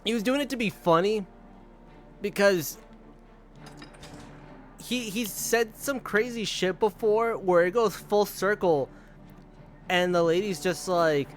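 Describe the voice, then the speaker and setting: A young male streamer chats loosely over a game, swearing freely and breaking into laughs. His voice sits a bit high, and soft music plays faintly behind him. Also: slow pace, pauses often. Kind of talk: casual storytelling while gaming.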